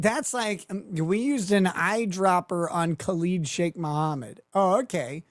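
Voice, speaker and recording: A man's voice: high-pitched, measured pace, hardly any pauses, no room sound. A man hosting a livestream, giving crude, mocking commentary and laughing at his own jokes. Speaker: livestream host.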